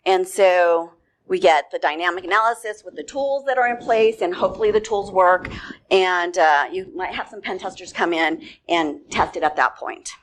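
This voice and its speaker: A woman's voice: fairly low pitch, normal speed, a little hiss or hum. Woman giving a conference talk. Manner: storytelling, laughs easily. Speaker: conference speaker.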